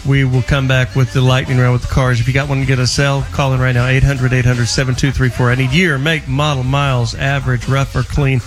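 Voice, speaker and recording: A man's voice: mid-range voice, level tone, a little fast, hardly any pauses. A man hosting a talk radio show, joking with guests and rattling off a call-in number in a sing-song way. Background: music.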